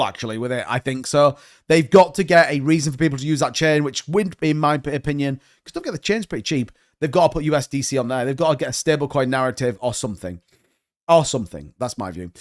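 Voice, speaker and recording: A young man hosting a crypto live stream in a loose, rambling way, tossing jokey asides to his viewers. His voice sits a touch higher than most men's. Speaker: crypto livestream host. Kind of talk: casual live-stream commentary.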